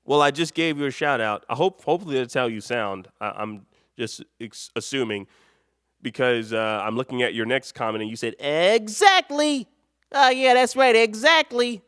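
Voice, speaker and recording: A man's voice: mid-range voice, a little fast, a bit bright, smooth, no echo, studio quality. A man from Chicago hosting a late-night live stream, rambling and joking with the chat and laughing often. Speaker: live show host.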